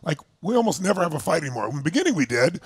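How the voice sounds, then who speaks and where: A man speaking at a relationship seminar, telling lively stories and acting out his wife's lines in a high voice. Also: rapid-fire, breathy edge, no echo. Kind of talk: lively talk to a seminar audience.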